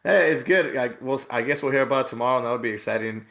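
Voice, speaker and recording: A man's voice: medium pitch, fast talker, gravelly, a bit bright. Laid-back cursing podcast co-host, man. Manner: laid-back, profane, says "bro". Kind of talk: casual chat.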